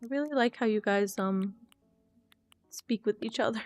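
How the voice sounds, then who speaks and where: A young woman streams a game, her fairly high, slightly mellow voice moving at a normal pace. She chats candidly and rambles, thinking aloud and answering chat. Faint guitar music plays in the background.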